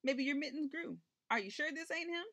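A woman's voice: high-pitched, expressive, brisk, a bit bright, pitched above the performer's own voice. A woman voicing a cocky, slangy boy pushing for a reward in a storybook reading. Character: brash streetwise boy with a tomcat.

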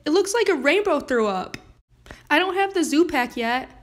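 A woman's voice: sits high, lively intonation, moderate pace. A teenage girl acting as a dramatic, whining little girl lost in a huge store, in an amateur school skit. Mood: excited. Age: late teens. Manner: dramatic, whining, self-pitying. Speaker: student actor.

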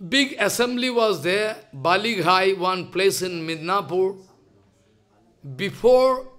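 A man's voice: high-pitched, fairly bright tone. An older man with a Bengali accent gives a devotional lecture in broken English, emphatic and repeating his phrases. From India. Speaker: spiritual teacher.

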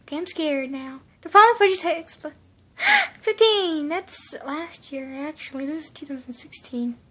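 A woman voicing a timid, soft-spoken female cartoon pony who reacts to a video, hesitant and full of ums, easily startled. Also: high voice, sing-song, moderate pace, full character voice. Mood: nervous. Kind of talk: fan reaction commentary in character.

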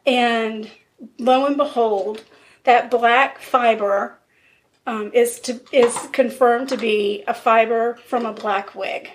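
A woman casually recounting a true crime case as a podcast co-host, acting out the quotes of the people involved. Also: a little high. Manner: storyteller, acts out quotes with fillers.

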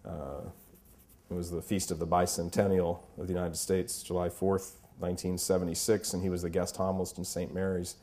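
A man in his fifties with a deep, warm voice gives an emphatic Catholic preaching talk packed with anecdotes. He speaks a little fast with little pitch movement, yet comes across as impassioned as he tells his stories.

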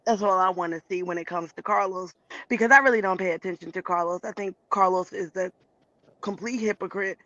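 A woman's voice: medium pitch, fairly quick, sharp tone, dry recording. Blunt woman guest on dull call-in audio. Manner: blunt, opinionated. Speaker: livestream guest. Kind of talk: casual chat.

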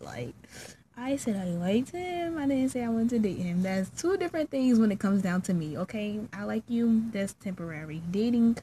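A young woman tells a story in a relaxed, chatty storytime vlog. She talks at a mid pitch and jumps up into squeaky, high voices whenever she acts out what someone said. A faint hum of room ambience sits behind her. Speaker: vlogger. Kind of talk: casual storytime.

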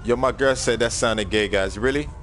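A young man on a gaming livestream, joking loudly and bossing his crew around, jumping from shouts down to low mumbles. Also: normal speed, a little hiss or hum. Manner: loud, joking, bossy, swings from shouting to mumbling. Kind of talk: casual gaming livestream chat.

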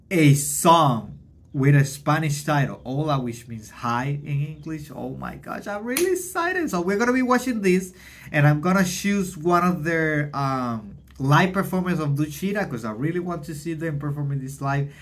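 A reaction host in casual vlog talk, feeling sick but gushing and excitable, whooping and shouting at times, in a bedroom. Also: mid-range voice, moderate pace. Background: faint music from the video being reacted to.

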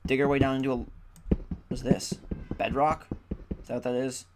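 A man's voice: mid-range voice, flat delivery, normal speed. A tired young man giving casual, chatty gaming commentary and grumbling at the game. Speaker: gaming YouTuber. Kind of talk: casual Let's Play commentary. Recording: loud background noise.

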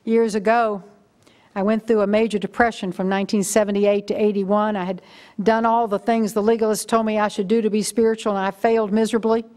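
A woman's voice: mid-range voice, little pitch movement, brisk, a little mellow. Brief: older female guest preacher, chatty storytelling sermon delivery.

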